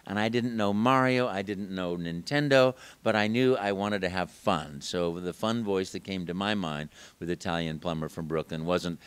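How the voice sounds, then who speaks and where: A man's voice: lowish voice, moderate pace, hardly any pauses, clear, resonant tone. A man, a voice actor guest at a game convention, telling stories animatedly in a casual interview. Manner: animated storyteller, slips into character voices.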